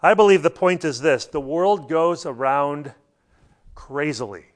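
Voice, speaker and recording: A man's voice: on the high side, unhurried. A man preaching a sermon in a conversational way, mixing scripture with homely stories. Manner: conversational preaching with anecdotes and light laughs. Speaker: pastor.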